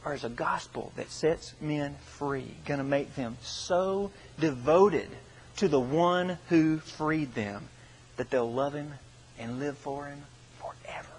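A man preaching a sermon as pastor, telling a story with earnest, dramatic swings from full voice down to hushed. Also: on the high side, expressive, takes it slowly, slight background noise, low-quality recording. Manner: earnest, dramatic storytelling with sharp drops in volume.

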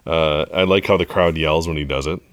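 A man with a very deep voice chats casually as a podcast co-host, relaxed and quick to laugh. The sound is dry and close, with no room around it. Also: no echo. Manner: relaxed, laughs often, recaps plot. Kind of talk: casual chat recapping a show.

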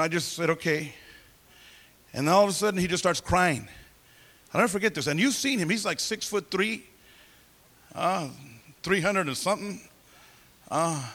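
A man telling his life story as a testimony in a sermon, animated and acting out the voices of people he quotes. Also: high-pitched. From California. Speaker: preacher giving testimony.

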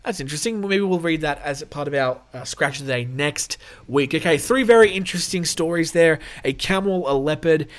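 This show host has a slightly high voice and speaks a little fast. He reads out animal news stories on his own program, keeping it irreverent and jokey with frequent laughs.

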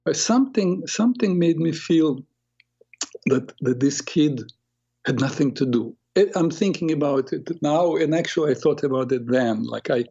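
Husky-voiced man in his sixties. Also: medium pitch, dark tone, dull audio. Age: 60s. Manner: unhurried, reflective, with frequent fillers. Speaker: radio show host. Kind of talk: storytelling monologue.

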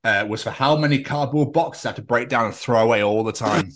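A man co-hosting a casual podcast, reading out posts in a sarcastic, sweary, deadpan way. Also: mid-range voice, a little fast. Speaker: podcast co-host.

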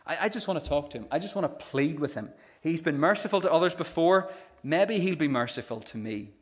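A man's voice: fairly high pitch, lively intonation, a little fast, pitched above the performer's own voice, natural voice. A male preacher playing a remorseful younger brother who stammers and pleads for a chance to come home. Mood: pleading.

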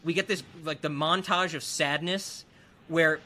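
A man's voice: fairly high pitch, a little slow, a little hiss or hum. A man casually recapping a movie, acting out characters' lines as he goes. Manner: animated, acts out characters' lines. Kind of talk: casual film recap chat.

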